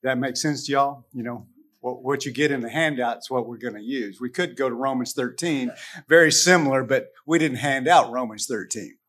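A man's voice: mid-range voice, normal speed, a bit bright. A man from the United States teaching a casual Bible lesson to a group, talking conversationally with frequent restarts and rhetorical questions.

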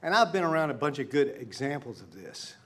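This sermon comes from a middle-aged man whose medium-pitched voice is very animated and brisk. He preaches conversationally, like telling a story, alternating quiet asides with emphatic climaxes.

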